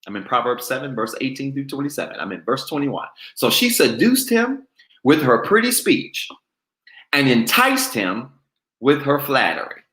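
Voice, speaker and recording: Bright, slow, animated male preacher. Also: medium pitch, echoey room. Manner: call-and-response preaching, goading the congregation. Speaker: pastor. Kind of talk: sermon.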